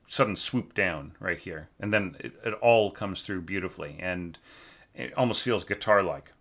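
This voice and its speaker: A man with a bright, fairly low voice goes through a student's orchestral score as a teacher. He thinks aloud, keeps checking in with "right?", and sings passages in quick nonsense syllables. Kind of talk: spoken score critique.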